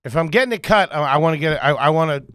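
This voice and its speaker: Animated, bright-voiced man telling stories. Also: fairly high pitch, very fast, clear, resonant tone, no echo, clean studio sound. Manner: animated storyteller, swears often, stammering restarts. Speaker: podcast co-host. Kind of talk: casual comedic banter.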